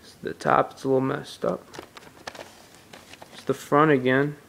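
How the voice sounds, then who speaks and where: A man's voice: mid-range voice, level tone, a little slow, gravelly, a bit bright, a little hiss or hum. A man casually reviewing a movie on tape, retelling the plot in a rambling way with restarts.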